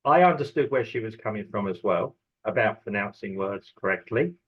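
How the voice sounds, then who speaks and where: A man's voice: lowish voice, expressive, brisk, lo-fi sound. A man with an Estuary English accent, an English teacher talking through a casual podcast monologue, rambling with many ums and restarts.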